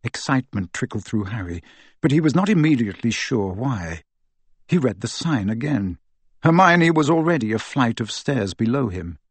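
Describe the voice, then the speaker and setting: A man reading a novel aloud as audiobook narrator, in a lively storytelling manner. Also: mid-range voice, normal speed, husky, dry recording. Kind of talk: scripted narration.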